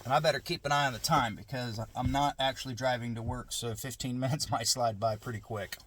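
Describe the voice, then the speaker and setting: A man's voice: mid-range voice, steady tone, a little fast, a bit bright. A middle-aged man vlogging from a parked car in his garage, musing in a rambling, casual way with restarts and asides.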